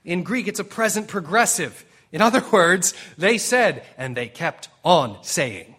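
With a high, breathy-edged voice, this pastor preaches animatedly and with emphasis, trading jokes with his congregation. Now and then he moves off the mic, and he breaks into dramatic quotations punctuated by pauses.

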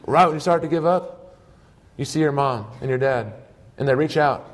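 A man's voice: mid-range voice, normal speed. A man preaching a sermon, telling stories earnestly in short emphatic phrases.

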